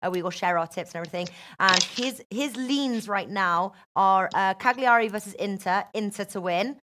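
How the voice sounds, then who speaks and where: Woman, show host, chatty, lively, mid pitch. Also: normal speed, noisy background. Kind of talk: casual betting chat.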